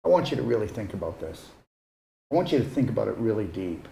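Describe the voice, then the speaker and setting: A man's voice: lowish voice, big pitch swings, fast talker, creaky, warm tone, a little hiss or hum. A man giving a casual, earnest motivational talk as a wellness retreat host, coaxing his listeners and often checking in with "okay?". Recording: echoey room.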